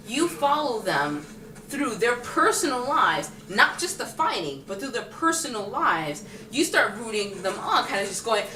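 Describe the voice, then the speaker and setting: Chatting casually in her film review vlog, a woman with a slightly high voice and moderate pace animatedly acts out the characters' lines. The recording carries a little hiss or hum, roomy echo from a distant mic, and faint music.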